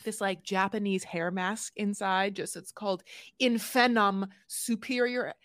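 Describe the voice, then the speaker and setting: A woman's voice: mid-range voice, fairly even intonation, measured pace, fairly bright tone, no echo, studio quality. A woman co-hosting a podcast, rambling and joking in casual chat and swearing now and then. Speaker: podcast co-host.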